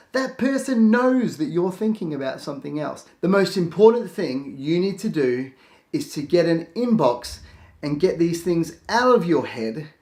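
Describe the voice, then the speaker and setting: A man teaching a productivity tip in a casual, lively way, acting out his own thoughts in quick asides. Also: on the high side. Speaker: productivity coach. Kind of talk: casual instructional talk to camera. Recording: echoey room.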